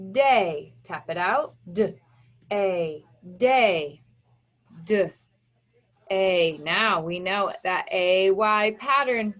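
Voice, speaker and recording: A woman phonics teacher leads an online lesson at an unhurried, deliberate pace. She enunciates each sound with care so that young children can follow. Her voice sits at a middle pitch and she speaks through a computer mic. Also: fairly bright tone. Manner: slow, clearly enunciated, sounding out words for children.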